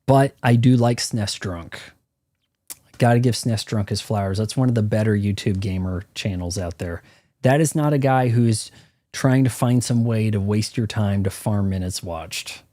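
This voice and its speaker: Ranting man with a mellow voice. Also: on the low side, no room sound, clean studio sound. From United States. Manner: ranting, profane, opinionated. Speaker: streamer. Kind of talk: live gameplay commentary.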